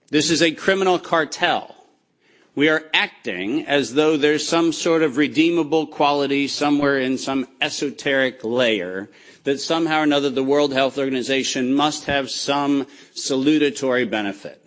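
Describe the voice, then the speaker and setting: A man giving an impassioned, accusatory speech with slides, speaking emphatically with deliberate pauses. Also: fairly high pitch, fairly bright tone.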